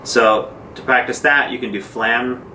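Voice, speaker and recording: Speaking a little slowly in a steady, mid-range voice, a man casually teaches drum rudiments, talking through exercises with fillers as he demonstrates. The instructional talk is picked up from far off in a noisy, echoey room.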